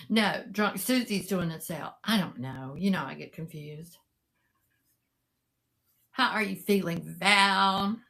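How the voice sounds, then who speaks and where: A woman's voice: mid-range voice, gravelly, fairly bright tone. A middle-aged woman, chatting casually and rambling to live viewers, greeting them by name. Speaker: live-sale seller and vlogger.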